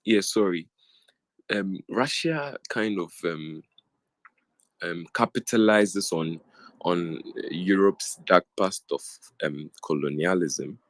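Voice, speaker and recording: A man's voice: low-pitched, takes it slowly, fairly bright tone, no echo. A young man from Africa, a student speaking in an online audio room, worked up and repeating his points with many ums. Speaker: Twitter Space speaker. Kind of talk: impassioned casual talk. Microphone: phone or headset in an online audio room.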